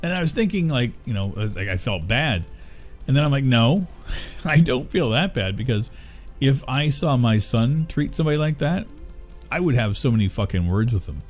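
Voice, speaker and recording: A man's voice: mid-range voice, sing-song, a little fast, darkish tone, soft background music. A middle-aged man chatting casually while streaming a game, rambling and cursing as he grumbles. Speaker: gaming streamer. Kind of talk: casual chat while gaming.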